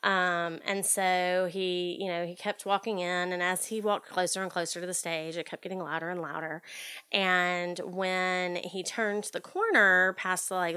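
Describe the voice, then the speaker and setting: A woman's voice: on the low side, pushed and bright, smooth. A woman casually telling a theater ghost story, chatty and full of fillers. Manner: chatty, lots of fillers and likes. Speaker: storyteller guest.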